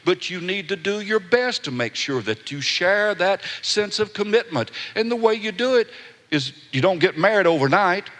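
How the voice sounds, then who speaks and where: A man's voice: sits high, a bit bright. A man preaching a sermon in a folksy storytelling manner, with asides and rhetorical questions. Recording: echoey hall.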